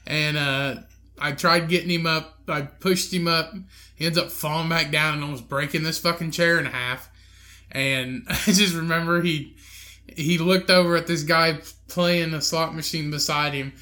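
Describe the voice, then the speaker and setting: A man's voice: a little high, fairly even intonation, moderate pace, bright, forceful tone. A man co-hosting a podcast, telling a long, crude, laughing story in casual chat and acting out the people in it. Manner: crude, laughing storyteller, acts out drunk friend and angry lady. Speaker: podcast co-host.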